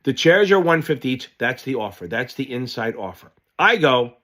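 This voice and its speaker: A man teaching exam material by telling a rambling personal anecdote. He talks in an animated, offhand way and drops the odd curse. His voice sits at an ordinary, middle pitch. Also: moderate pace. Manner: animated storyteller, loose and profane. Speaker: exam prep tutor. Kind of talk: casual lesson told through a personal anecdote.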